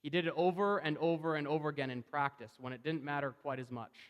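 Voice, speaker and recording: A man preaching a sermon in a conversational, animated way, acting out the voices he quotes. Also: a little high, quick pace, clear, resonant tone, long reverb tail.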